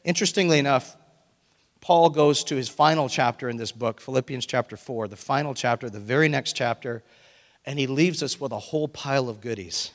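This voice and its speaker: A male pastor preaching a lively, animated sermon to his congregation. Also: mid-range voice. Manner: animated, breaks into excited shouting and laughter. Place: church sanctuary. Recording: long reverb of a hall.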